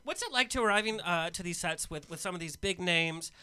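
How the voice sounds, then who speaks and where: A man's voice: high voice, expressive, fairly quick, pushed and bright, clear, resonant tone. A man co-hosting a casual chat show, asking questions and cracking jokes. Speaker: co-host.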